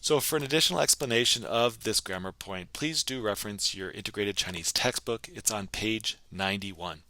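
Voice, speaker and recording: A low-pitched man teaches a recorded lesson, taking his time and repeating each phrase so students can follow. His voice has a bright edge and moves a lot in pitch. The sound is close and dry. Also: no echo. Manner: slow, clear model pronunciation of phrases, repeated for practice. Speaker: Chinese language teacher.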